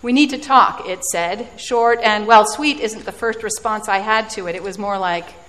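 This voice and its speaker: A woman's voice: mid-range voice, steady tone, normal speed, a bit bright. A woman preaching a sermon, telling a personal story in a reflective, self-deprecating way. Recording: reverberant hall.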